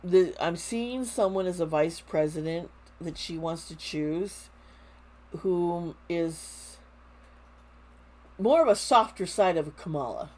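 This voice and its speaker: A woman giving a casual tarot reading to camera, talking slowly, with frequent restarts and fillers. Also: fairly low pitch, a little mellow. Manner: slow, halting, with many restarts and fillers. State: close to tears. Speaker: tarot reader.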